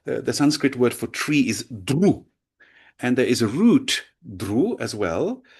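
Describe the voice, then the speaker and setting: A man's voice: mid-range voice, sing-song, a little slow, a little mellow, husky. A man teaching a lecture, explaining with frequent checks like "right?" and "yeah?". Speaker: language teacher.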